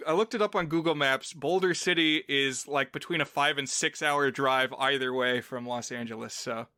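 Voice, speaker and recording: A man co-hosting a film podcast in a loose, chatty way, drifting into playful asides as he explains. His voice is bright and crisp, with a dry, close sound and no room around it. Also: medium pitch, normal speed, no room sound. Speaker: podcast co-host. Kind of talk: casual film podcast chat.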